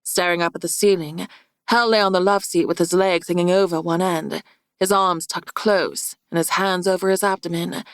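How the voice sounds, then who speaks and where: A woman narrating a fantasy audiobook in a steady, measured reading style. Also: on the low side, no room sound, clean studio sound. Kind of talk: scripted narration.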